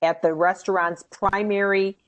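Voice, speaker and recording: A woman answering questions about a grant program in a webinar, explaining in a measured way with pauses and fillers. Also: mid-range voice, steady tone.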